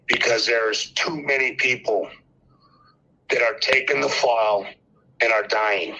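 Taking his time in a medium-pitched, pushed, bright voice, an older man phones a talk show and preaches with passion, repeating phrases to drive them home. His call comes through a muffled, lo-fi line.

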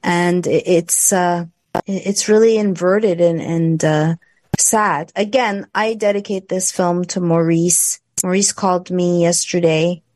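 A woman's voice: on the low side, fairly even intonation, measured pace, darkish tone, no echo. A woman co-hosting a talk show, chatting in a rambling way with sarcastic asides. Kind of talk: casual chat.

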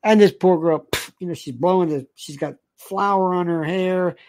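A man's voice: high-pitched, moderate pace, darkish tone, slight background noise. A man in his sixties rambling through a movie memory, acting out quoted lines as he goes. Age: 60s. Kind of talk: casual storytelling monologue.

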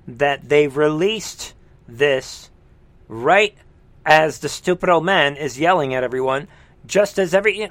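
A man hosting a live political commentary stream, emphatic and sarcastic, jumping between loud exclamations and low muttering. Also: no echo.

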